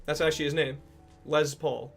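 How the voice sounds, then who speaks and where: A young man streaming casually, reading out and answering chat messages, joking and swearing with sudden loud outbursts. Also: fairly high pitch, steady tone, moderate pace, vocal fry, faint music behind.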